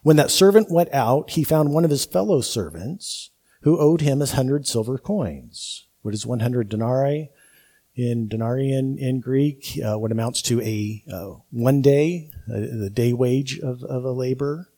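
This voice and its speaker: Man, sermon, husky voice, mellow tone, emphatic repetition. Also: medium pitch, a little slow. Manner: emphatic, repeats key words for effect. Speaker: preacher.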